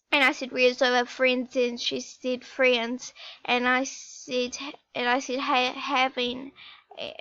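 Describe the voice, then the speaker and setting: A young female vlogger retelling a story in a rambling, halting way, often restarting her sentences. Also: sits high, a bit bright, no echo, muffled recording. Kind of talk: storytime vlog.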